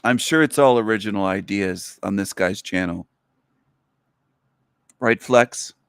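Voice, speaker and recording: A man's voice: lowish voice, unhurried, gravelly, fairly bright tone, clear, resonant tone, no echo, studio quality. A man hosting a livestream, giving sarcastic, taunting commentary on a video he plays. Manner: sarcastic, taunting, repeats lines in a mocking voice. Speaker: livestream host.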